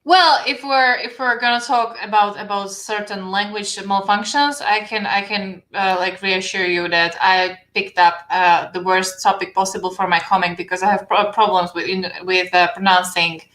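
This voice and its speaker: Slovak woman guesting on a podcast, bright and kinda tense voice, roomy echo. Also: mid-range voice, little pitch movement, normal speed, few pauses. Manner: friendly, rambling with restarts. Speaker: guest artist. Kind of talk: casual chat.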